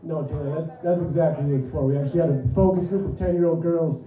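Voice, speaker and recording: A man's voice: a little high, fairly even intonation, fast talker. A man in his thirties doing a loose, profane stand-up comedy set on a club stage, often laughing at his own jokes. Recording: roomy, distant, dull club recording.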